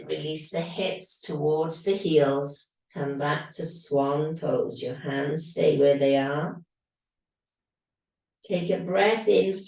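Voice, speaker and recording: Slightly hoarse, slow-talking yoga teacher woman. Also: lowish voice, distant mic. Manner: calm, steady breath cues. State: slightly hoarse, losing her voice. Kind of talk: guided yoga instruction. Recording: very echoey room, voice off-mic.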